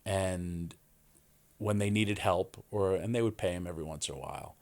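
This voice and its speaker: A man, a podcast guest telling animated stories and acting out quoted voices. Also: deep voice, normal speed. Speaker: wrestling guest. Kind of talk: storytelling in a podcast interview.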